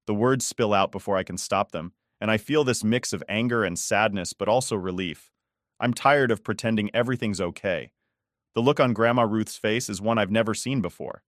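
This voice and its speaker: A man with a fairly low voice narrates a scripted first-person story. His delivery is steady and even, and the sound is dry and close. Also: moderate pace, no room sound.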